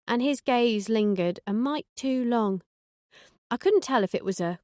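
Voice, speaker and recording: A woman's voice: mid-range voice, lively intonation, normal speed, a little mellow, no echo. Dry, sardonic woman narrating. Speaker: audiobook narrator. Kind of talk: first-person audiobook narration.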